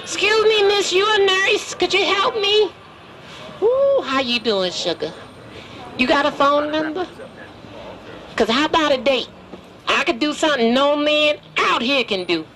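A man's voice: very high-pitched, lively intonation, unhurried, pauses often. A man voicing a cheeky, streetwise wooden dummy, teasing strangers on a busy city street. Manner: brash, flirty, wisecracking. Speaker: ventriloquist's dummy. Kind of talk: street comedy teasing passersby. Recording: street crowd noise behind.

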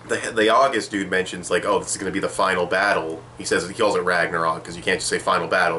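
A man's voice: low-pitched, pushed and bright, a little hiss or hum. A young man giving a rambling, sarcastic manga chapter review, swearing casually.

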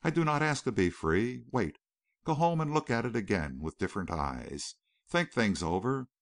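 A steady young war veteran speaks gently and earnestly in a storybook reading, as a male narrator puts him on. His voice sits fairly low but moves with lively inflection. The recording is dry and close. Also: moderate pace, dry recording.

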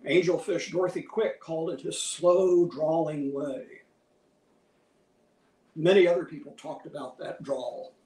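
A man gives a museum lecture in a measured, scholarly manner, reading out quotation after quotation. His voice sits a little high for a man. The sound carries the roomy echo of a lecture hall, heard from some distance away. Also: mellow.

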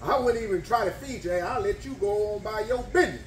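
A man loudly cheering on an eating challenge in a restaurant, whooping and repeating himself. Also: sits high, fast talker, distant mic, slight background noise. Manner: excited, repetitive hollering and whooping. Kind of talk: loud cheering commentary. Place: bar and grill dining room. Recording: echoey restaurant room.

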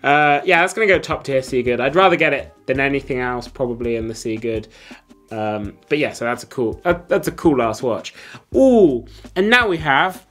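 A man hosting a relaxed watch ranking video. He talks in quick, blunt verdicts, with slang and frequent fillers. His voice sits at an average pitch, and faint music plays underneath. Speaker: host.

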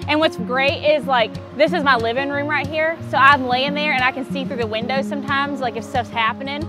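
A woman's voice: high voice, fairly even intonation, fairly quick. A woman chatting casually in a farm vlog, gushing and laughing often, outdoors in a pasture. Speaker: vlogger on a donkey farm. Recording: roomy sound with guitar music behind.

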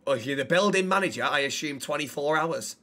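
High-voiced brash Englishman. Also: animated, sharp tone. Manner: brash, profane, quick to insult. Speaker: streamer. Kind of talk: in-game role-play banter.

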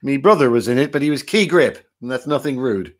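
A man's voice: mid-range voice, lively intonation, brisk, close to an everyday voice. A man playing a jovial, rambling game-show host who is dead and in heaven, hosting a comic improvised quiz. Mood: chummy. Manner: chummy, rambling, self-mocking banter.

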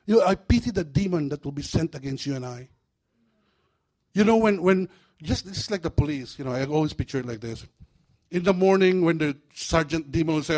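A man preaching a sermon in a church, animated and humorous, breaking into acted-out voices. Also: on the high side, brisk. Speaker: pastor.

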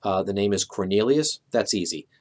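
A middle-aged man with a somewhat low voice teaches a memory method. He talks calmly and methodically, stepping through examples one by one with an occasional "uh". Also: moderate pace. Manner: calm, methodical, a few filler "uh"s. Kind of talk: explaining with walk-through examples.

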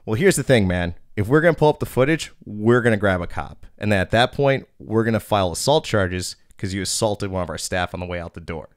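A man's voice: fairly low pitch, lively intonation, fairly quick, few pauses, no room sound, clean studio sound. A man in his thirties hosting a podcast, telling a bouncer story in a blunt, profane, casual way.

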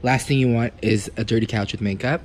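A man talking casually to the camera for his vlog, chatty and bursting into excited outbursts now and then. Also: mid-range voice, brisk. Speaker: vlogger. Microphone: lapel mic. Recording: noisy background ambience.

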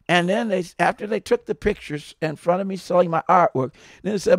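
A man talking in a casual, rambling monologue, telling stories with many restarts and growing louder when aggrieved. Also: sits high, brisk, few pauses. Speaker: podcast subject telling stories.

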